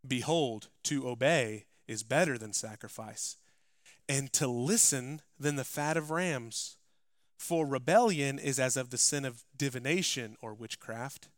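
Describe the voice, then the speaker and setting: A man preaching a sermon, moving between quiet, conversational asides and loud, emphatic scripture reading. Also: mid-range voice, no echo, studio quality. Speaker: pastor. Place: church.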